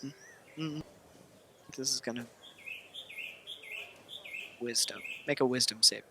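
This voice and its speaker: A man narrating a tabletop game as game master, casual and halting with many fillers. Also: mid-range voice, pushed and bright, slight background noise.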